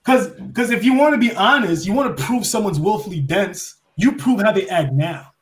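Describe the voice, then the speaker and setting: A man from New York giving an impassioned monologue full of rhetorical questions, swinging between loud and soft as a podcast guest. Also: high-pitched, animated, moderate pace.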